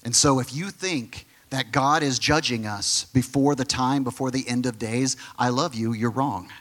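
A man's voice: mid-range voice, normal speed. Emphatic preaching man. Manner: emphatic preaching, drops to a soft near-whisper on key phrases; direct, conversational asides to the congregation. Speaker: pastor. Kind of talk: sermon.

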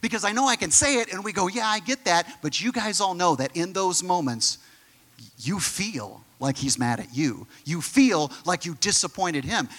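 A man's voice: high-pitched, animated, normal speed, fairly bright tone. A middle-aged man preaching a sermon, explaining scripture in an emphatic, conversational way. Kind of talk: sermon teaching.

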